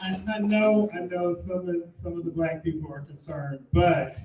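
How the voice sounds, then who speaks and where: A man's voice: high-pitched, normal speed, noisy background. A man from Maryland doing stand-up comedy and emceeing, joking loosely with a live crowd. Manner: loose, playful crowd banter. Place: live comedy venue with an audience. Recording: roomy echo, mic heard from a distance.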